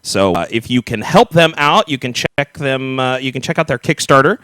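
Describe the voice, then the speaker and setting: A man in his thirties co-hosting a podcast, chatty and quick to laugh. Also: mid-range voice, clear, resonant tone, dry recording. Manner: chatty, laughs often, lively. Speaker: podcast co-host. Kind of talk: casual chat. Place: California, US.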